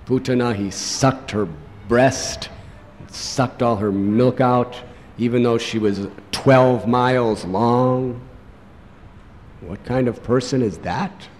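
A man preaching a sermon, telling a story dramatically and slowing down for emphasis. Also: mid-range voice, steady tone, a little mellow, a little hiss or hum. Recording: long hall reverb.

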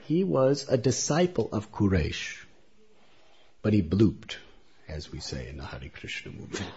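Man, devotional storytelling talk, raspy voice, muffled lo-fi recording. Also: fairly low pitch, huge pitch swings, a little slow, warm tone. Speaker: devotional speaker.

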